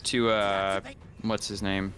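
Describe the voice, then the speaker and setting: A man's voice: lowish voice, flat delivery, takes it slowly, noisy background. A man in casual chat, matter-of-fact, dryly correcting details.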